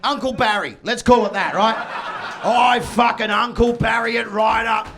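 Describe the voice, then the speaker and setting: Loud Australian man doing stand-up. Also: high voice, normal speed, music in the background. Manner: loud, profane, swaggering. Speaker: stand-up comedian. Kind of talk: stand-up comedy set. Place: comedy venue under a pub.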